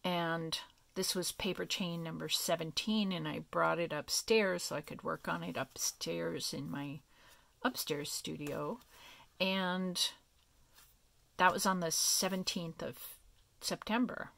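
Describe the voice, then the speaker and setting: A woman casually showing her handmade paper crafts, talking softly and meandering as she thinks aloud. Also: lowish voice, slow pace, creaky, dry recording. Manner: soft, meandering, thinking aloud with many fillers. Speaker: craft vlogger. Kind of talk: casual crafting show-and-tell.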